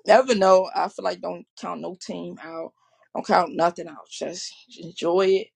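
A woman's voice: on the low side, steady tone, unhurried, creaky, breathy edge. A woman hosting her podcast, rambling casually about sports with many fillers and restarts and apologizing for her swearing. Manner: rambling, full of fillers and self-corrections. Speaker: podcast host.

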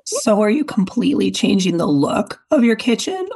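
A hoarse woman co-hosting a podcast in relaxed, easygoing casual chat. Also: medium pitch, moderate pace. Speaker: podcast co-host.

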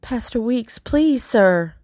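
A woman's voice: on the high side, lively intonation, takes it slowly, a little mellow, dry recording, clean studio sound, voice pushed up. A woman reading an audiobook, voicing an earnest young girl who stays carefully polite. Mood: pleading. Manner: earnest, pleading, carefully proper. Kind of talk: audiobook character voice.

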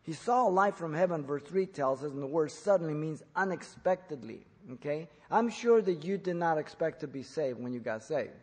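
A man preaching an expository sermon in church, emphatic, rising to loud peaks when quoting. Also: fairly high pitch, animated, normal speed, hardly any pauses, breathy edge, in a large hall. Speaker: pastor.

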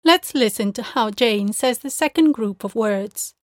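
A woman teacher giving a scripted pronunciation lesson, explaining clearly and modelling words slowly, recorded close to the mic. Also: on the high side, no echo.

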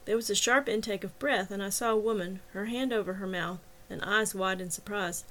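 A woman's voice: mid-range voice, fairly quick, a bit bright. A woman reading a serialized mystery story aloud as narrator and host, lifting her voice slightly for the characters. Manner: reads dialogue with lightly lifted voices for characters. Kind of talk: scripted audiobook narration.

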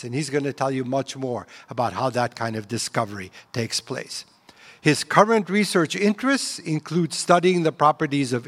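A man hosting an event, reading a measured prepared introduction of the guest speaker in a big auditorium. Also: fairly high pitch, fairly bright tone. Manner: measured, reads a biography. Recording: long auditorium reverb.

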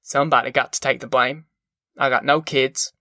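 A weary, level-headed former preacher, as a man puts him on speaks in a plain folksy drawl. The tone is bright and forward, and the audiobook sound is dry and close. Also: mid-range voice, fairly even intonation, normal speed, no room sound. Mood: steady, urgent. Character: weary calm ex-preacher man, middle-aged.

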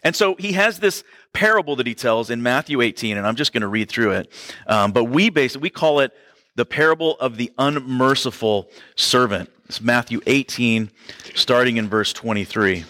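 Male pastor, bright forceful voice, dry close sound, chatty sermon with asides to the room. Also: medium pitch, expressive, normal speed, no room sound. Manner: conversational preaching with asides to the congregation.

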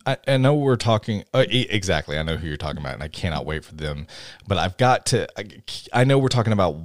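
A man's voice: low-pitched, expressive, fast, dry recording, studio quality. A man co-hosting a podcast in casual chat, talking eagerly and rambling with many restarts. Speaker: podcast co-host.

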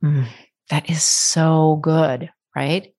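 A woman's voice: sits low, fairly even intonation, extremely slow, darkish tone. A middle-aged woman hosting a solo podcast as a life coach, blunt and encouraging, firing off rhetorical questions.

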